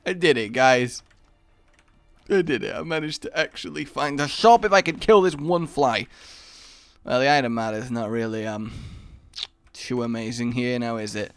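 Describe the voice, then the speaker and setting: A man's voice: mid-range voice, fairly bright tone, no room sound. A young man giving rambling, self-mocking commentary while playing a video game. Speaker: gaming YouTuber. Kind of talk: Let's Play commentary.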